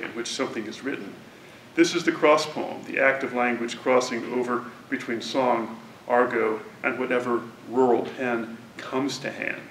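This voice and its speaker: A man introducing a poet at a university event, reading a prepared, deliberate academic introduction. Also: fairly bright tone. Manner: measured, deliberate academic delivery. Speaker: lecture introducer. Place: university lecture hall. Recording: roomy hall from a distance, faint rumble.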